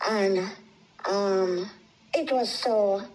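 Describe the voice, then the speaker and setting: A woman telling an emotional personal story, her voice climbing high when she gets upset. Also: extremely slow, darkish tone, low-quality recording. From United States.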